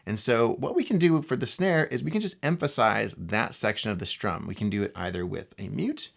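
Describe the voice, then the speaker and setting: A man teaching a casual guitar lesson, speaking in a relaxed way and often checking in with the viewer. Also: lowish voice, a little fast, gravelly. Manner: relaxed, talks to the viewer with frequent "right?" and "okay?". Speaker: guitar instructor.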